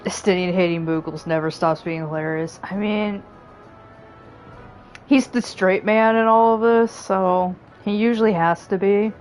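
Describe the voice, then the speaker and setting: A woman's voice: medium pitch, steady tone, a little slow, a little mellow, faint music behind. A woman streaming a game, reading the characters' lines aloud and joking about them, laughing often. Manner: jokey, laughs often, puts on voices. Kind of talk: reading game dialogue aloud with casual commentary.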